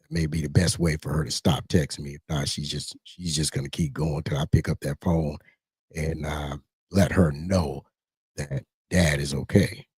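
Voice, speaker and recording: A man's voice: rumbling low, steady tone, moderate pace, darkish tone, slightly rough, no room sound, clean studio sound. A middle-aged man rambling casually as a livestream host, often repeating himself.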